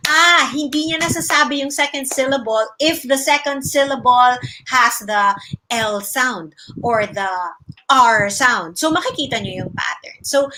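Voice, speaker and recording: A woman's voice: high-pitched, unhurried, bright, forceful tone, poor audio. A Filipino woman, a speech-language pathologist, giving casual livestream advice in a mix of English and Tagalog and explaining patiently. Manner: explains patiently, demonstrating mouth sounds with emphasis; greets viewers by name.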